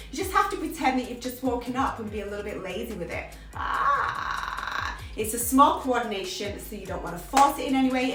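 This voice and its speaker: A woman's voice: a little high, a bit bright. A woman vocal coach giving an upbeat, emphatic lesson on singing technique to her viewers. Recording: roomy sound from a distance, faint music.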